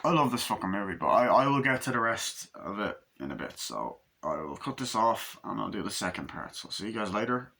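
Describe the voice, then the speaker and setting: A man giving a casual spoken movie review, rambling and excitable, swearing often as he recounts scenes. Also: lowish voice, a little fast, creaky, few pauses, husky.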